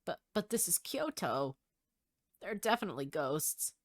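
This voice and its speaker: A man's voice: sits high, big pitch swings, moderate pace, dry recording, studio quality, pitched above the performer's own voice, heavily acted. A man voicing a timid, apologetic male pigeon teacher from a game, stammering and self-deprecating. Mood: anxious. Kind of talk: reading game dialogue aloud.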